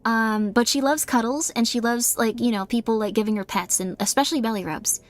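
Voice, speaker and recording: A woman's voice: a little high, a little fast. A woman streamer chatting casually with her viewers in a rambling way, with many fillers and frequent laughs.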